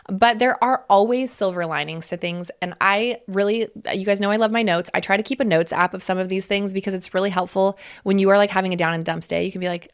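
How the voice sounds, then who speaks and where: A woman in her thirties hosting a casual solo podcast, talking candidly and chattily, laughing often and swearing freely. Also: lowish voice. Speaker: podcast host.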